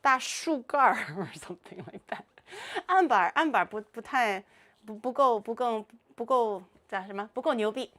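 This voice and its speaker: A woman's voice: a little high, animated, normal speed, fairly bright tone. A woman streamer in casual livestream chat, playful and giggly, laughing often and rambling with plenty of fillers. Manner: chatty, rambling with many fillers.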